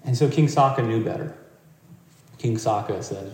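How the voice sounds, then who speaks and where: Gentle man giving a talk in an echoey hall. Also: fairly low pitch, moderate pace, long pauses. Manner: gentle, reflective, conversational. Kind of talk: dharma talk with storytelling. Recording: roomy hall, distant mic.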